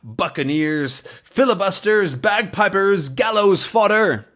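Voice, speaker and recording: A man's voice: medium pitch, sing-song, slow pace, bright, forceful tone, full character voice. A man voicing a blustering middle-aged male sea captain who hurls theatrical pirate insults. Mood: raging.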